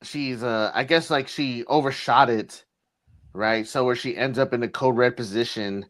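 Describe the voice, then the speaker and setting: A man's voice: mid-range voice, moderate pace, fairly bright tone. A young man co-hosting a casual podcast, talking loosely and with slang and profanity. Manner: loose, slangy, profane, calls his co-host dude. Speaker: podcast co-host. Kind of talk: casual chat.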